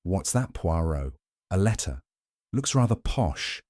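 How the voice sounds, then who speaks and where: A man's voice: low voice, very animated, a little slow, darkish tone, dry recording, studio quality, heavily acted. A man voicing a tall, honest ex-soldier companion who talks in a hearty, straightforward way in a storybook reading.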